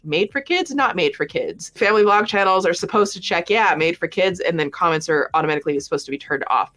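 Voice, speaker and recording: A woman's voice: low voice, fairly bright tone. A woman giving sassy, sarcastic commentary on a casual livestream, swearing freely. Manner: sassy, profane, sarcastic asides. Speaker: commentary vlogger.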